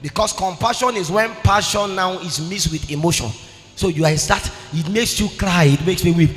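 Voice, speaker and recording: Impassioned preacher, high and bright. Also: male voice, normal speed. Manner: impassioned, swings between shouting and sing-song. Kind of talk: sermon. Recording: long hall reverb with faint music.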